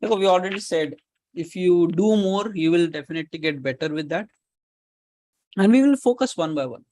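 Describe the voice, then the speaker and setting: A man's voice: high-pitched, lively intonation, normal speed, dark tone, no room sound. A man with an Indian English accent coaching a live online session, giving instructions and repeating key advice, with Hindi words mixed in. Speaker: career coach hosting a live Q&A call.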